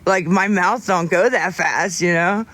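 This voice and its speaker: A man's voice: sits high, unhurried, pushed and bright. A man chatting casually with livestream viewers in a candid, rambling way, often restarting his sentences.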